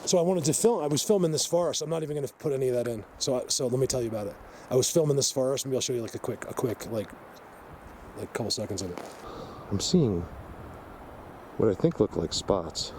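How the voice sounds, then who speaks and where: A man filming an outdoor vlog, talking excitedly in a rambling way, stumbling over and repeating his words into a handheld camera mic. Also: mid-range voice, fast. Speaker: outdoor vlogger. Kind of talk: walking vlog commentary. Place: outdoors in wild country. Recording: outdoor noise behind.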